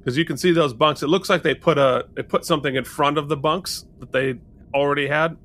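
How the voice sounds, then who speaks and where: A man's voice: on the high side, brisk. A man co-hosting a podcast, casually recapping and reviewing a television episode, quoting lines as he goes. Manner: animated, recapping scenes with quoted lines. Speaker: podcast co-host. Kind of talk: casual chat.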